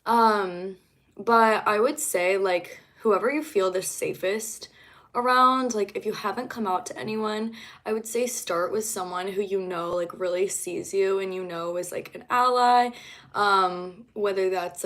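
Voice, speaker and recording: A young woman talks to her viewers on a relaxed livestream, rambling along with plenty of fillers. Her voice sits at an ordinary, middle pitch. She comes across as an easygoing singer-songwriter. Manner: chatty, rambling, many fillers. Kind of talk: casual livestream chat.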